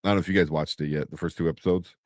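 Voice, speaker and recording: This co-host of a live entertainment news show has a rumbling low voice with a steady tone and talks very fast. He keeps the chat casual, laughing as he reads viewer comments, and the studio-quality audio has no echo.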